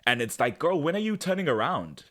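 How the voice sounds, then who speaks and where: Man, podcast co-host, casual chat, very expressive pitch, laughs a lot, mimics characters. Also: brisk. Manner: animated, laughing, acts out characters' lines. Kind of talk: casual chat recapping a TV show.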